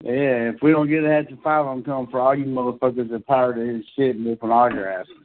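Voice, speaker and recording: A man co-hosting a horror podcast, talking casually with halting enthusiasm. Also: mid-range voice, steady tone, phone-quality sound. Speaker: podcast co-host. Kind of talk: casual horror movie chat.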